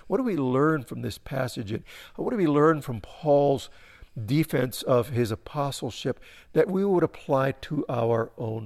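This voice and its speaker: A male pastor preaching a sermon who often repeats and restarts his phrases, swinging from emphatic peaks down to quiet, low endings.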